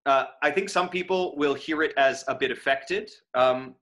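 Bright-voiced man lecturing on verse. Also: medium pitch. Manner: thinks aloud, reads verse lines slowly with stress. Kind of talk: online lecture on verse scansion.

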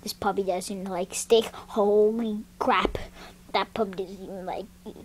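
A woman's voice: mid-range voice, steady tone, unhurried, slight background noise, close to an everyday voice. A woman voicing a goofy male puppy who sings and rambles in a silly, sing-song way in a homemade puppet show.

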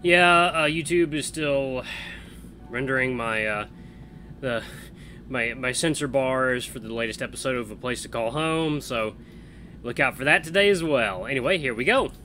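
A man's voice: medium pitch, normal speed, bright, forceful tone, a little hiss or hum. A man hosting a casual let's-play, chatting upbeat and reading the narration aloud. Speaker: game streamer reading a visual novel.

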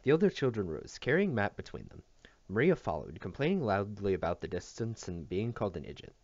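A man reading a novel aloud as scripted narration, in an expressive storytelling manner. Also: lowish voice, brisk, dry recording. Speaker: audiobook reader. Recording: dull dry recording.

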